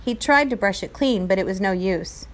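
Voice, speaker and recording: A woman teacher reading a novel aloud to her class, clear and expressive. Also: medium pitch, normal speed.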